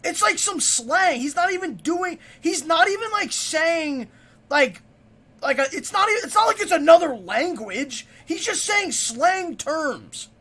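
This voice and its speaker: A man's voice: extremely high pitch, lively intonation, a little slow, bright, forceful tone. A man streaming a reaction video, ranting casually, heated and profane.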